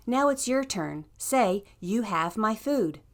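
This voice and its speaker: A woman's voice: medium pitch, lively intonation, slow. Upbeat woman teaching a language lesson. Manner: upbeat, encouraging. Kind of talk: scripted lesson narration.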